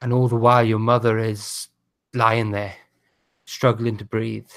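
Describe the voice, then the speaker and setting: A man who narrates as game master, describing scenes in a halting way with many restarts. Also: fairly low pitch, level tone, fairly bright tone.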